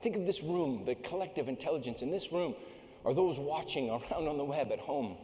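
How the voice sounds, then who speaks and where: A man's voice: on the high side, a little fast. A middle-aged man giving a joking, motivational keynote speech on a stage microphone in a large conference hall. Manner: animated, joking storyteller. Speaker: keynote speaker. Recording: echoey hall with long reverb.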